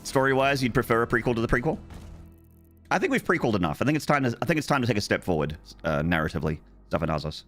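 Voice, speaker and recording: A young man talks loosely to his chat while he plays, drifting off on jokey tangents. His voice is bright and forward at an ordinary pitch. Soft background music plays under his voice. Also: very animated, very fast. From Australia. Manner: rambling, joking, talks to chat. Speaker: gaming streamer. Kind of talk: casual live-stream chat.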